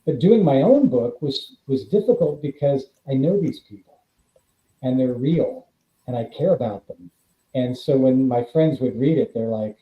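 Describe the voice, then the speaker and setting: In a mid-range voice at normal speed, a man from California, a guest actor and author, talks casually in an interview. He tells stories animatedly and acts out other people's voices. The audio, recorded remotely, is dull and roomy.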